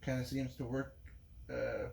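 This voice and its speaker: A man's voice: medium pitch, flat delivery, unhurried, gravelly, a little mellow. Rambling man with faint background hiss. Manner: rambling, with frequent restarts and profanity. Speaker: vlogger. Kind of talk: rambling monologue.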